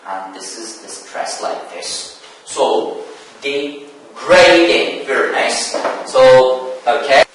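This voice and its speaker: A man teaching an English lesson, speaking slowly and repeating key words for his students. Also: medium pitch, lively intonation, fairly bright tone. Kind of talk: televised classroom lesson. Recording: echoey room, voice from far off.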